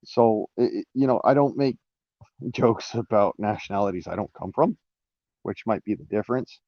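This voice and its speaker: A man's voice: lowish voice, moderate pace, no room sound, highs cut off. A man talking through a casual live-stream monologue, rambling with restarts and fillers, swearing now and then.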